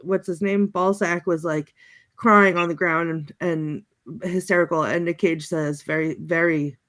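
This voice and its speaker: A woman on a panel chatting casually, laughing often and halting with many fillers. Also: lowish voice, steady tone, fairly bright tone. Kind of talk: casual chat, recounting movie quotes.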